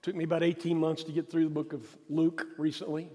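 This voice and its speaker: A male pastor with a high voice preaches a sermon, repeating phrases and pressing hard on key points before dropping quiet. His voice rings out with a long reverb, as in a large hall. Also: little pitch movement, a little fast. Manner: emphatic and repetitive, rising to stress points, then dropping quiet.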